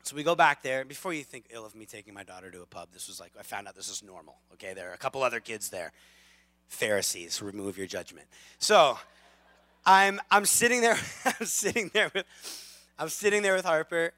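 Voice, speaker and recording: A man in his thirties preaching a sermon as a lively, self-deprecating storyteller, with big swings in loudness. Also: medium pitch, a little fast, no echo. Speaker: pastor.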